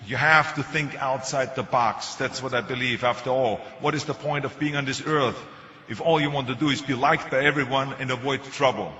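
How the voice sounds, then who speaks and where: A man's voice: mid-range voice, steady tone, a little fast, bright, forceful tone, slight background noise. An older man with a German accent gives a speech. He tells stories with a joking edge. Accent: German-accented English. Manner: joking anecdotal storytelling. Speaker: motivational speaker. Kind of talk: public speech. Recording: echoey hall, dull sound.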